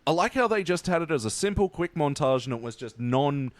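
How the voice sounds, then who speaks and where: A man hosting a casual podcast, relaxed and rambling, with frequent laughs. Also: a little high, fairly quick, no room sound. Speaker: podcast host. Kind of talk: casual chat.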